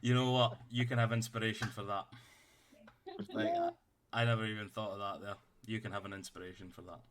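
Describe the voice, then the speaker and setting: A man's voice: on the low side, level tone, fairly quick, fairly bright tone, a little hiss or hum. A man running a tabletop game, chatting out of character in a rambling way and swearing freely. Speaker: game master. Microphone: streaming setup.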